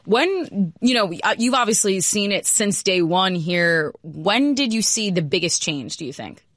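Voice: mid-range voice, animated, a little slow, fairly bright tone, no room sound. Encouraging interviewer with a dry sound. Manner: encouraging, with frequent back-channel responses. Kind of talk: interview questions.

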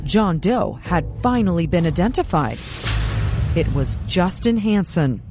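A woman correspondent reading a scripted true-crime narration in a measured, dramatic way. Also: fairly low pitch, big pitch swings, warm tone. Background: music bed.

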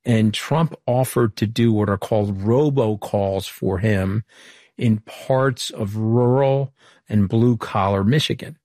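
A middle-aged man from Long Island, a former political communications director, answering interview questions in a brisk storytelling way full of quoted dialogue. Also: fairly low pitch, mellow, dry recording, clean studio sound. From Long Island, New York.

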